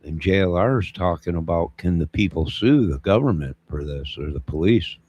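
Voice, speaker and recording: A man's voice: deep voice, moderate pace, darkish tone, breathy edge, lo-fi sound. A man co-hosting a livestream, chatting casually and rambling while he repeats himself. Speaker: livestream co-host.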